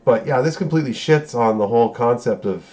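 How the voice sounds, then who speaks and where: A man's voice: mid-range voice, fairly quick, darkish tone. A man giving a casual recap of a show episode, profane and sarcastic, breaking into incredulous outbursts. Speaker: show reviewer.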